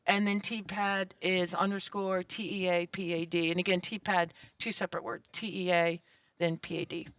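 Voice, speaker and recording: An older woman, a grandmother, speaking as a guest in a casual conference interview, lively and quick to laugh. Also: on the low side, smooth, no room sound, distant mic. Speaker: interview guest, cannabis advocate. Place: conference venue.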